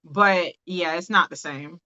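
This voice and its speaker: A woman's voice: on the low side, measured pace, bright, forceful tone, lo-fi sound. A woman from the American South hosting a podcast, talking casually and animatedly with frequent laughs. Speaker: podcast host. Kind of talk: casual chat.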